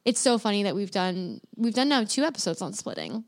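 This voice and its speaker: A woman's voice: medium pitch, sing-song, fairly quick. A woman co-hosting a podcast, talking through ideas in a thoughtful, reflective way. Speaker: podcast co-host. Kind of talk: casual podcast conversation.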